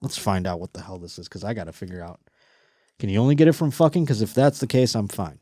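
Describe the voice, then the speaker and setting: A man hosting a podcast in casual comedic chat, crude and animated, swearing constantly and mocking the stories he reads. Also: on the low side, fast, no room sound, clean studio sound. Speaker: podcast host.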